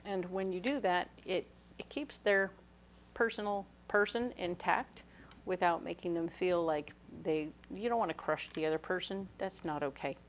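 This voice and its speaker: A woman giving a casual, playful tarot reading, chatty and full of quick asides. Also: on the low side, muffled recording, slight background noise. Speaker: tarot reader.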